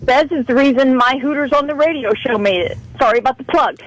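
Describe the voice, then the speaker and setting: A woman's voice: high voice, quick pace, no room sound, rough recording. A woman calling in to a radio show, talking in an impassioned, pleading, profane rant. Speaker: caller.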